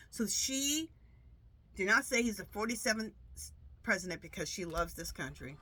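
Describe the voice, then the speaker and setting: A woman's voice: medium pitch, normal speed, sharp tone. A woman tarot reader talking casually to her viewers, chatty and rambling with many restarts, her nose stuffed up from allergies. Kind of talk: casual monologue to camera.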